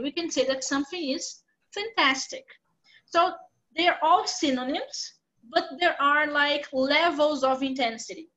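A woman's voice: high-pitched, fairly bright tone, lo-fi sound. A woman English teacher with a Brazilian Portuguese accent, patiently explaining vocabulary with examples in a live online class.

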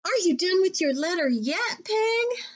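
A woman voicing an eager, chatty young male rabbit in a storybook, talking high and excited. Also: unhurried, lo-fi sound, exaggerated voice.

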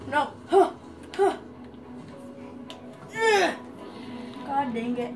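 A woman streamer giving excitable gameplay commentary, yelling at the enemies on screen. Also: high-pitched, slow, pauses often, music in the background.

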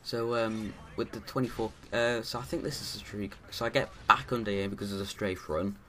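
A man's voice: fairly low pitch, fairly even intonation, a little fast, a bit bright. A man giving rambling, casual commentary over his own gameplay, full of restarts and fillers.

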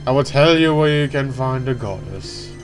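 A man's voice: on the low side, steady tone, measured pace, fairly bright tone. A man voicing a solemn ancient male elder who speaks in a grave, formal, ceremonial way, while faint game music plays behind him.

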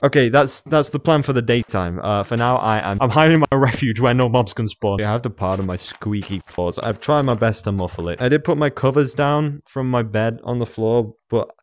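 A man commenting on his own video game play as he moves around his room at home, excitable, talking to himself and laughing often. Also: fairly low pitch. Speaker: gamer.

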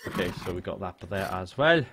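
A man's voice: low voice, brisk, slight background noise. Chatty Welsh man streaming a game. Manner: excitable, jokey, swears freely. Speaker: game livestreamer. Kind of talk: casual live gameplay chat. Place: home room.

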